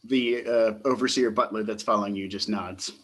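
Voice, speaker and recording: A man's voice: lowish voice, steady tone, normal speed, fairly bright tone. A man narrating as game master for a tabletop roleplaying game, talking loosely with lots of fillers.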